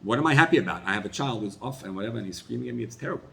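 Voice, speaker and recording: A man, a rabbi, giving a sermon, rising to loud emphatic peaks and then dropping to quiet asides. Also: medium pitch, expressive, rapid-fire, vocal fry, slight background noise.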